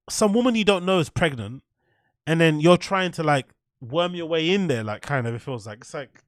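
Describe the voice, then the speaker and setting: A man's voice: on the high side, no room sound, studio quality. A man hosting a casual livestream, rambling, swearing freely and answering his chat. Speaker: livestream host.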